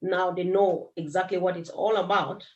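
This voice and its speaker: Brief: woman host of a live chat, affirming and chatty, quick to giggle. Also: fairly low pitch, fairly even intonation, darkish tone, lo-fi sound, slight background noise.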